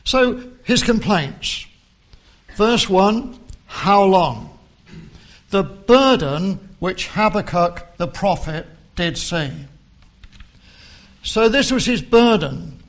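A man delivers a sermon at a measured, unhurried pace. His voice sits high for a man, and he leans into quoted verses with rising emphasis. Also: animated, a bit bright. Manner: slow and deliberate, quoting scripture with rising emphasis. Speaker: preacher.

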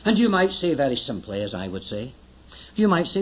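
A man's voice: medium pitch, sing-song, a little fast, muffled recording, a little hiss or hum. An older man preaching a sermon in an earnest, emphatic way, often urging his listeners to listen closely.

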